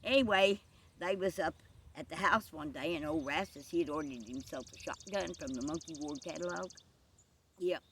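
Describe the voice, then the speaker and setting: A woman telling a folksy joke story with drawn-out asides. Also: low voice, a bit bright, slight background noise.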